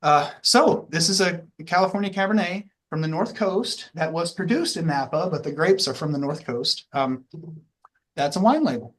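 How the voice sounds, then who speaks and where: A man's voice: a little high, lively intonation, moderate pace, a bit bright. A man teaching a class, walking through the details in a casual, rambling way with many fillers and restarts. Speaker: instructor. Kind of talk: classroom lecture.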